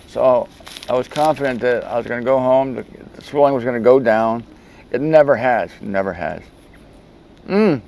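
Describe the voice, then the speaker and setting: A man's voice: medium pitch, fairly quick, a little mellow, slight background noise, rough recording. A man hosting his own video show, telling a story in a rambling, chatty way with frequent restarts. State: speech thickened by a swollen tongue. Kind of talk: casual video monologue.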